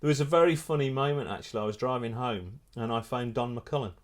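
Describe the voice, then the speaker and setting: A middle-aged man, a photographer and filmmaker, telling a lively anecdote in a casual interview, restarting his sentences often. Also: medium pitch, quick pace. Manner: animated storyteller, many restarts.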